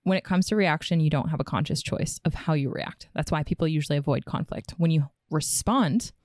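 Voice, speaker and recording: A woman co-hosting a relationship podcast, explaining ideas in a calm, steady teaching tone. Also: low voice, fairly quick, dry recording, studio quality. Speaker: co-host. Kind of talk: casual podcast chat.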